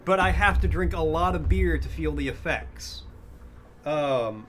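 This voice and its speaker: A chatty young man livestreaming a game, thinking aloud and amusing himself as he goes. His voice sits a little high, with faint game music underneath. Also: animated, measured pace. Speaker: game streamer. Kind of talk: casual let's-play chat.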